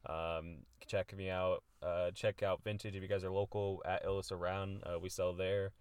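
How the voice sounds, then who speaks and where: A man's voice: deep voice, level tone, moderate pace, a little mellow, clear, resonant tone, no echo. A man co-hosting a casual podcast, talking in a laid-back way with lots of "um" and "like". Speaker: podcast co-host.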